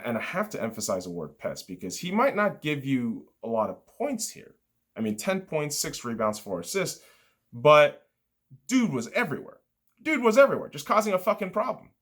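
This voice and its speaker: A man hosts a casual review of a basketball game with a voice of ordinary, middling pitch. He swears constantly and sounds excitable. He rattles off player stats in quick runs.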